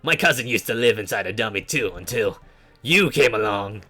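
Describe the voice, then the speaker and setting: A man voicing a hot-tempered ghost living in a training dummy, with a put-on Texas twang, shouting taunts. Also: fairly low pitch, lively intonation, moderate pace, faint music behind. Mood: taunting.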